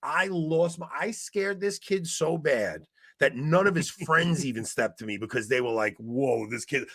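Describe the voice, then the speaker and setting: Animated, lively-voiced male podcast co-host. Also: fairly high pitch, measured pace, dry recording. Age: 20s. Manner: animated, loud when retelling fights. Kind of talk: casual storytelling chat.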